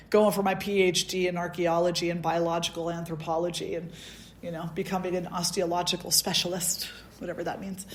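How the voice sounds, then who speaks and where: A woman's voice: on the low side, a little hiss or hum. A middle-aged woman teaching at a spiritual gathering, telling a personal story and acting out the dialogue. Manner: storytelling, acts out quoted dialogue. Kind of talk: satsang talk, personal story.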